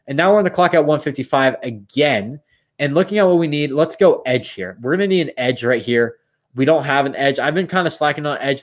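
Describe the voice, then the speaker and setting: A young man casually talking through picks on a live stream, thinking aloud and a bit tired. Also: mid-range voice. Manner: thinks aloud, rambling with restarts. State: yawning, tired. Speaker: streamer running mock drafts.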